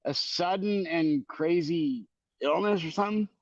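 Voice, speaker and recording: Man, podcast guest musician, laid-back chat, slightly high voice, muffled lo-fi dry sound. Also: measured pace, dry recording. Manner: laid-back, says "dude" constantly.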